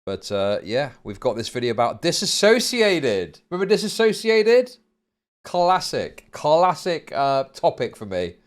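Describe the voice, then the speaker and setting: A man's voice: on the high side, very animated, unhurried. A man casually commenting on a video during a live stream, mocking and crude with laughing asides.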